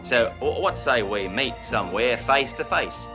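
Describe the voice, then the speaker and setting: A blustering, boastful fake-Aussie tycoon, as a man puts on the voice swaggers through his lines with a hammy drawl. Music plays clearly behind him in this TV comedy scene. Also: medium pitch, animated, unhurried, close to an everyday voice. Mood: flirty. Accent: fake Australian. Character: brash loud male cop posing as an Aussie tycoon.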